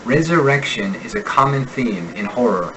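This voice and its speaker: A man's voice: medium pitch, animated, a bit bright, a little hiss or hum, poor audio. American man reading pronunciation drills. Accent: General American. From United States. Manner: slow, deliberate enunciation of sample words. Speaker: accent instructor. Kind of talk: reading example sentences in a pronunciation lesson.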